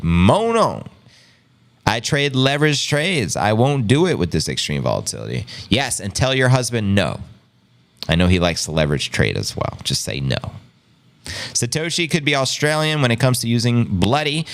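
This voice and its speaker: A man with a fairly low voice hosts a relaxed livestream chat, reading out viewer comments and bantering back. His delivery is playful and joking, and his pitch swings widely as he talks. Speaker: host.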